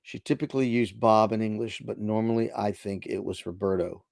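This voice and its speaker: A man's voice: fairly low pitch, fairly even intonation, normal speed, gravelly, a little mellow, no echo, clean studio sound. Laid-back man chatting on a livestream. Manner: chatty, laid-back, reads chat aloud. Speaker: livestream host. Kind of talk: casual live chat reading viewer comments. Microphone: desk microphone.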